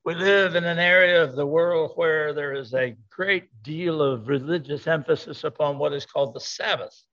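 A man's voice: on the high side, moderate pace, fairly bright tone. An older man preaching a sermon to a congregation, emphatic, repeating his key words. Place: church sanctuary. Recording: dull lo-fi sound.

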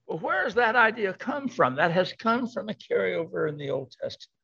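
A man's voice: sits high, very animated, a little fast, creaky, sharp tone, breathy edge. An older man preaching a sermon to a congregation, emphatic, repeating his key words. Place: church sanctuary. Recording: dull lo-fi sound.

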